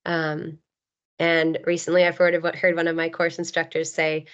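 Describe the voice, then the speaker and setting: Thirties woman therapist, earnest webinar teacher, slightly low voice, filler-heavy delivery, dull call-quality audio. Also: completely flat delivery, normal speed, clean tone. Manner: earnest, many ums and you knows. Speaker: occupational therapist presenter. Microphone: video call.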